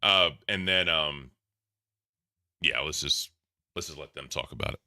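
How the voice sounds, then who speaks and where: Deep-voiced laid-back male host. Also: a little slow, pushed and bright. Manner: laid-back, filler-heavy. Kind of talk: casual chat.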